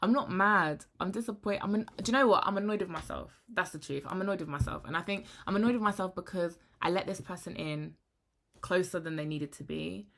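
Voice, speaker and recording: A young woman, talking frankly to camera in a rambling, animated vlog. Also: fairly low pitch, brisk, gravelly. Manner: rambling, frank and animated, often trailing into hushed asides. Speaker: vlogger.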